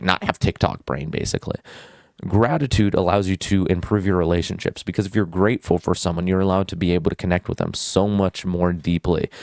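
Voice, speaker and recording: A man's voice: deep voice, a little mellow, no echo, clean studio sound. A young man vlogging about habits in a blunt, rambling way, with casual swearing. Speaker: student vlogger. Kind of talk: casual self-help vlog.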